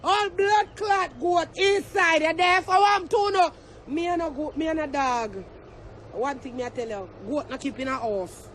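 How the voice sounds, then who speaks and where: A man with a Jamaican accent ranting and taunting to the camera, shouting and cursing in a heated vlog. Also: very high voice, moderate pace, slight background noise. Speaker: social media personality.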